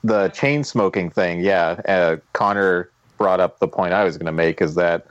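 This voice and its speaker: A man judging a casual podcast debate, speaking deliberately with some hesitation and light jokes. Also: low-pitched, clear, resonant tone, no room sound, dull audio. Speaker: podcast judge.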